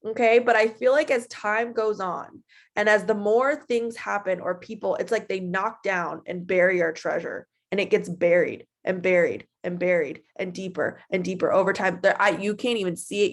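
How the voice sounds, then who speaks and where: A woman in her twenties giving a casual, animated motivational talk to her team, chatty and full of feeling. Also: mid-range voice, moderate pace. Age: 20s. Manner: animated and chatty, acting out her own past voice.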